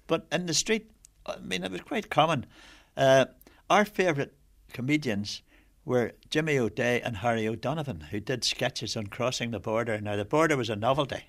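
An older man from Northern Ireland, reminiscing in an interview in a reflective, measured way. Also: medium pitch, a bit bright.

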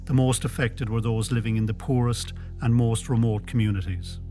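A man presenting a radio documentary in calm, measured scripted narration. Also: mid-range voice, music in the background.

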